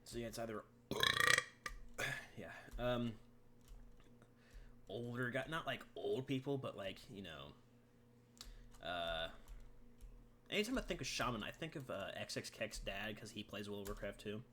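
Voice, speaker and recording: A man's voice: fairly low pitch, expressive, bright, forceful tone, slight background noise. A man co-hosting a casual gaming podcast, rambling and swearing freely. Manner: profane, rambling, quick reactions. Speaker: podcast co-host.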